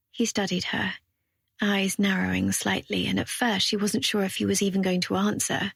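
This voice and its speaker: Gravelly, husky woman narrator. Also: mid-range voice, flat delivery, normal speed, dry recording, studio quality. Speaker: audiobook narrator. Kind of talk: scripted narration.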